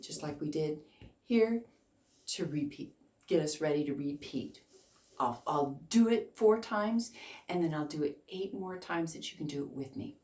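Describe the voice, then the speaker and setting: Low-voiced, unhurried woman ukulele teacher. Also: mellow. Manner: encouraging, counts and chants along slowly. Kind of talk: beginner music lesson. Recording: echoey room, faint noise.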